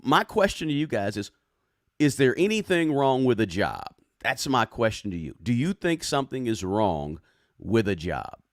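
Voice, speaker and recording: This personal finance livestream host has a mid-range voice with big swings in pitch and talks at a normal speed. The recording is dry and studio quality. He keeps things casual, reads comments from viewers aloud, and often tacks on "right?"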